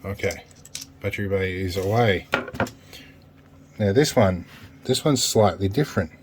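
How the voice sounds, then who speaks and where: A man's voice: sits low, measured pace, background noise. Chatty Australian man at a workbench. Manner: chatty, self-deprecating, thinking aloud. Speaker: repair video host. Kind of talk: casual workbench narration.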